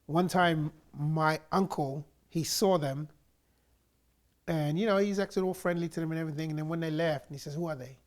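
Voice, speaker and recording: Speaking at a normal speed with a fairly high pitch, a man from England shares how he came to faith. He tells it in a lively, animated way and performs the voices of the people he quotes.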